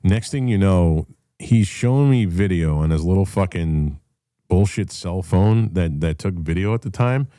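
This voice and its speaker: Male host, deep mellow voice, dry close sound, blunt profane storyteller. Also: animated, a little slow, dry recording. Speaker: show host. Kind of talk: casual call-in chat.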